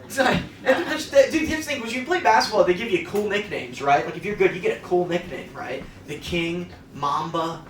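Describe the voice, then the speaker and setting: A man's voice: high voice, brisk, few pauses, a bit bright, distant mic. A young man from the Midwest doing a self-deprecating stand-up comedy set, chatting with the crowd on a club stage. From American Midwest. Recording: roomy live club sound, crowd laughter. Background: audience laughing.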